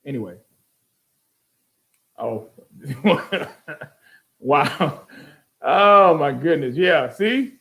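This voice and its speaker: Older male host, sarcastic and exasperated, higher-pitched, repeats words as he talks. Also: expressive, fairly bright tone, poor audio. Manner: repeats words in rapid restarts. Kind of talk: casual commentary reading out online comments.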